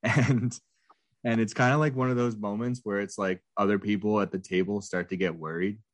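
A man's voice: lowish voice, fairly even intonation, normal speed. A man co-hosting a podcast in casual chat, laughing often and rambling through his stories with restarts. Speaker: podcast co-host.

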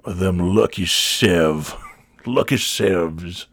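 A man voicing a slow, mumbling male customer buying cigarettes and scratch-off tickets at a convenience store. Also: low voice, creaky, a bit bright, husky, dry recording, studio quality, pitched below the performer's own voice, full character voice. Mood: drawling.

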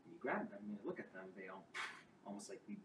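A man narrating as game master of a tabletop game, with halting, restarting descriptions. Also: lowish voice, very animated, highs cut off. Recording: roomy, distant mic with clear background noise.

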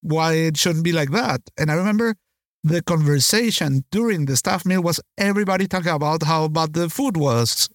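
A man's voice: on the high side, moderate pace, no echo, clean studio sound. A man, a chef and podcast co-host, talking in a rambling casual chat with many "you know"s.

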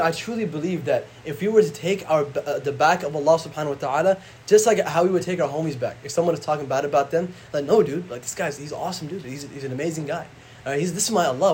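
A man, an imam, teaching a casual religious class, conversational and slangy, reciting Arabic verses quickly. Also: on the high side, slight background noise.

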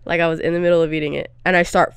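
A woman's voice: fairly low pitch, little pitch movement, racing, clear, resonant tone, no room sound. A young woman co-hosting a podcast, chatting casually and telling rambling stories with frequent laughs. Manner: rambling storyteller, laughs often. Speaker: podcast co-host. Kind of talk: casual chat.

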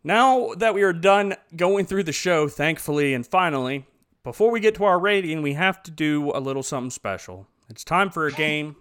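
A man hosting a podcast, recapping a film in a joking, sarcastic, animated way. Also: fairly high pitch, normal speed, clear, resonant tone. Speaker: podcast host. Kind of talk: casual chat recapping a film.

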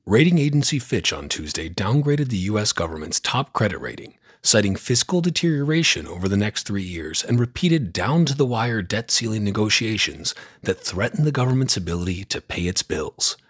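A man's voice: fairly low pitch, big pitch swings, moderate pace, hardly any pauses, a bit bright, husky. A man hosting a news roundup podcast, reading from a script in a blunt, sarcastic, opinionated way. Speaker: podcast host.

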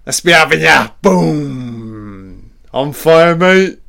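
A man giving casual, excitable commentary on a film as he watches it, swearing freely and reacting aloud to each scene. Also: a little high, extremely slow, vocal fry.

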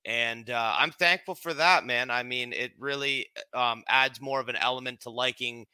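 A man's voice: medium pitch, normal speed, bright, forceful tone, clean tone, dry recording. A Canadian man co-hosting a sports podcast in easygoing chat, rambling and restarting his sentences. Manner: rambling, self-interrupting, chummy. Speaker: podcast co-host.

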